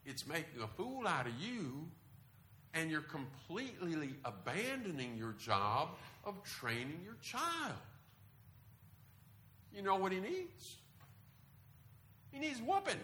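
A middle-aged man preaching a sermon, telling stories in an animated way with sudden loud bursts. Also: on the high side, slight background noise. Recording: echoey room.

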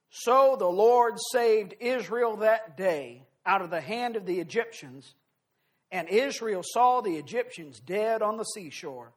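A man preaching a sermon, reading scripture aloud and explaining it in an earnest, emphatic way, slowing down and swelling on key phrases. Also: high-pitched.

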